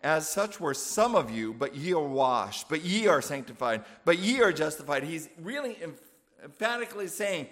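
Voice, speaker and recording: A man's voice: on the high side, sing-song, normal speed, fairly bright tone. A man preaching a sermon in a conversational way, often checking in with "right?" and "you know". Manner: conversational, with frequent fillers and "right?" asides.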